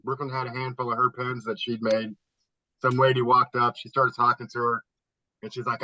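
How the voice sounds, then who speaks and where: A man in his garage on a video call, telling a profane, animated story in a casual chat. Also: medium pitch, normal speed, dull audio. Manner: animated, profane yarn-spinner. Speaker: meeting regular telling a story. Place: home garage.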